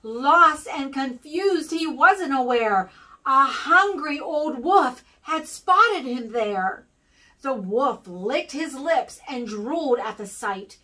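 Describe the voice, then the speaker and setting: Reading aloud to a kindergarten class as a guest, an American woman performs a rhyming picture book in an animated, sing-song way. She speaks slowly in a bright, high voice, picked up by a slightly distant microphone.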